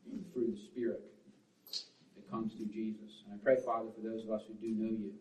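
A man preaching a sermon as pastor, swinging between forceful, loud lines and hushed, quiet ones. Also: lowish voice, flat delivery, brisk, slight background noise. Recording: roomy, distant, dull sound.

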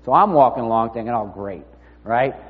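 A man's voice: medium pitch, expressive, fairly quick. Man preaching in a reverberant hall. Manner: conversational storytelling, drops to near-murmur. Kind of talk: sermon. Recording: dull sound with long reverb in a hall.

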